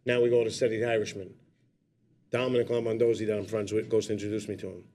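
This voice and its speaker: A man with a Brooklyn accent, an actor on a podcast, telling animated anecdotes in casual chat and swearing freely. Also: fairly low pitch, fast talker.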